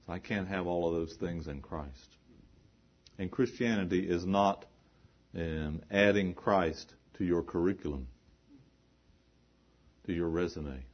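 A man's voice: low-pitched, measured pace, long pauses. A male preacher delivering an emphatic sermon, repeating phrases and posing rhetorical questions. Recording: dull lo-fi recording.

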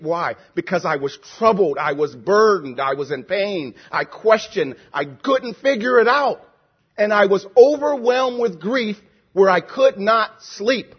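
A man preaching a sermon with emphatic, repetitive phrasing and slow, drawn-out lines. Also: high voice, expressive, husky, dull audio.

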